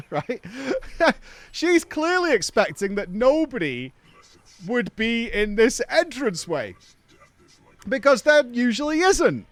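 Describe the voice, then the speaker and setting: A man's voice: extremely high pitch, very animated, slow pace, a bit bright, dry recording. A middle-aged man, a podcast host, animatedly telling a story in a casual chat, swearing and laughing as he goes.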